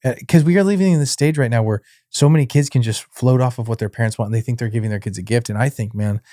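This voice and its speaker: A middle-aged man co-hosting a casual faith podcast, telling a family story with lively acted-out dialogue and frequent laughs. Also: medium pitch, fast, no echo, clean studio sound. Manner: animated storyteller, acts out dialogue, laughs often. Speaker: podcast co-host.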